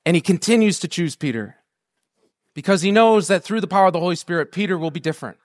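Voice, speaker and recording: A man's voice: sits high, animated, fast. A man preaching a sermon, conversational and joking at first, then building into fervent, rousing prayer.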